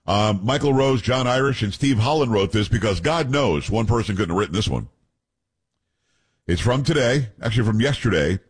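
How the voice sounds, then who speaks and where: A man's voice: on the low side, animated, moderate pace, husky. A man hosting a talk radio show, reading news aloud with blunt opinions and joking asides to his co-hosts.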